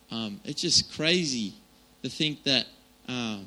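A man's voice: medium pitch, animated, slow pace, sharp tone, poor audio. A man giving an informal, chatty sermon, with many fillers and restarts. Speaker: preacher.

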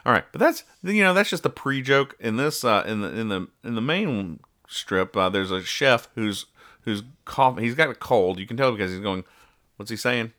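A man's voice: mid-range voice, animated, moderate pace, a bit bright. A man hosting a casual podcast, dryly and sarcastically explaining comic strip jokes. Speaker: podcast host.

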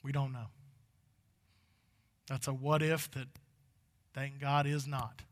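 A man's voice: medium pitch, little pitch movement, slow, big-room sound. A male pastor preaching a sermon in a church sanctuary. He talks in a folksy, conversational way that builds to fervent moments.

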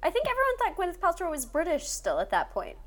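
A woman chatting casually as a podcast co-host, rambling through anecdotes with quick asides. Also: very high voice, huge pitch swings. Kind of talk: casual chat about the Oscars.

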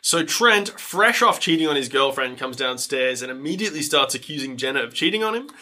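Bright-voiced man, casual recap. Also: medium pitch, brisk. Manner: animated, profane storytelling with many fillers. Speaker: podcast co-host. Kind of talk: casual film recap chat.

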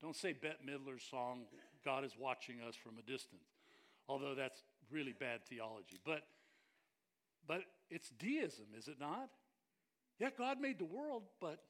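Animated, high-voiced male pastor preaching. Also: unhurried. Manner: animated, joking with the congregation. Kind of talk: sermon.

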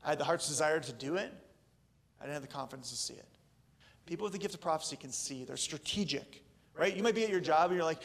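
Casual male pastor, thirties, gravelly, loose and joking sermon delivery. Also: fairly high pitch, brisk.

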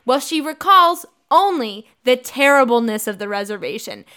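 A woman's voice: fairly high pitch, lively intonation, normal speed, pushed and bright. A woman in her twenties co-hosting a casual book-discussion podcast, ranting in mock fury and laughing often. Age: 20s. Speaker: podcast co-host.

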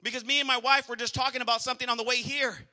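With a flat delivery and very fast speech, a male pastor preaches emphatically in a big-sounding room. His voice is high, piercing and very bright, and he repeats phrases while calling out to the church congregation.

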